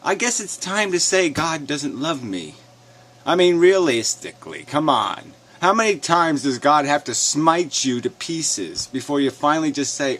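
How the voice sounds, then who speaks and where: A man's voice: fairly high pitch, big pitch swings, measured pace, a bit bright. A man ranting in a sarcastic, mocking tone, swearing often and chuckling as he reacts to a clip. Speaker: commentator. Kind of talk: profane rant reacting to a clip.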